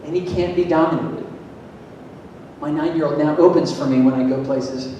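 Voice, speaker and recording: A man from Florida giving a lively, emphatic talk to an audience, asking them questions, heard from a distance in a large hall. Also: normal speed, lo-fi sound. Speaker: motivational speaker at a school event. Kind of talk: energetic public talk to an audience. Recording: echoey hall, distant mic, faint rumble.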